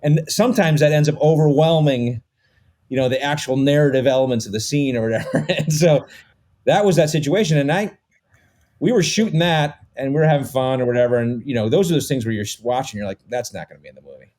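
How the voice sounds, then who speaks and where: A man's voice: a little high, fairly quick, a little mellow. A middle-aged man as a podcast guest, swearing casually and rambling through stories with lots of fillers. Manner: rambling storytelling, many fillers. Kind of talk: casual conversation.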